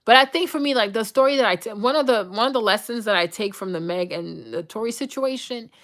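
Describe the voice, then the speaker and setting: A young adult woman hosting her own show, ranting to viewers in a blunt, profane, animated way. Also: fairly high pitch, fast talker, few pauses. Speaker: host. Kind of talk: uncensored casual rant to viewers.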